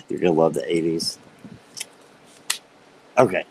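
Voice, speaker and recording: A man hosting a live stream, chatting casually with viewers by name and reading tarot cards, upbeat and quick to laugh. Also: low-pitched, slight background noise, poor audio. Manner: chatty and upbeat, laughs often while talking; talks directly to viewers by name.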